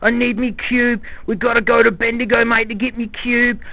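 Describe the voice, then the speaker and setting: A frantic young bloke, as a man puts him on, rambles along in a fairly high voice, calling everyone mate. It sounds dull and lo-fi, bone dry, like a cheap gadget's voice memo. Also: little pitch movement, fairly quick, no echo. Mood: rambling. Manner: rambling, says mate constantly.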